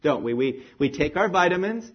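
Husky, animated male preacher. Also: high-pitched, moderate pace, highs cut off. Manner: animated, rising and falling emphasis, drops to near-whisper. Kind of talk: sermon.

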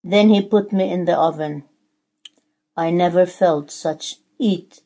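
A woman's voice: lowish voice, slow pace, warm tone. A woman voicing a suffering clay teacup that pleads and cries out as it is shaped, in a sermon story. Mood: anguished. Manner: pleading, crying out.

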